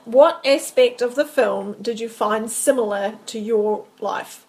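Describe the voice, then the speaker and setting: A woman hosting a casual movie chat, blunt and lively, swearing casually. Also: fairly high pitch, a little slow, rough recording. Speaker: podcast co-host asking questions.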